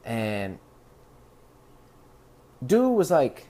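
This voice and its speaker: A man's voice: medium pitch, huge pitch swings, extremely slow, mellow. Laid-back rambling man, casual podcast talk. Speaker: podcast host.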